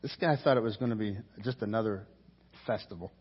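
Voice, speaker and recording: A man's voice: on the low side, fairly quick, breathy edge, muffled recording. A man preaching a sermon as pastor, telling the story vividly and acting out the characters' lines.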